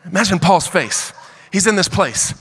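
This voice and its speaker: A man preaching a sermon as pastor, building his points into impassioned, shouted crescendos. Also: sits high, animated, moderate pace. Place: church auditorium. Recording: church hall reverb.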